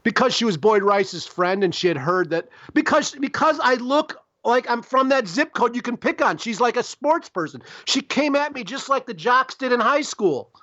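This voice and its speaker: A man's voice: very high-pitched, lively intonation, moderate pace, few pauses, sharp tone, dry recording, highs cut off. Profane, rambling man from Chicago. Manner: rambling, profane, streetwise, frequent "like" and "you know". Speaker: podcast guest, publisher. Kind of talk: casual interview storytelling.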